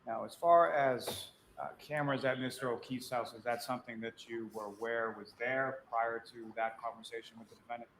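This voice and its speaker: A lawyer in a courtroom putting formal, polite questions to a witness and calling him sir. His voice has a mid-range pitch, with a little faint background noise in the room. He pauses now and then on an "uh" while he frames each question. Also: steady tone, fairly bright tone, rough recording.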